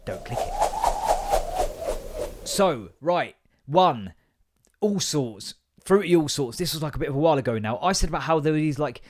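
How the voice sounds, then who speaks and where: A man's voice: on the high side, expressive, normal speed, long pauses, noisy background. A man, hosting a casual comedic podcast monologue in a rambling, swearing, self-mocking way. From England. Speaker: podcast host.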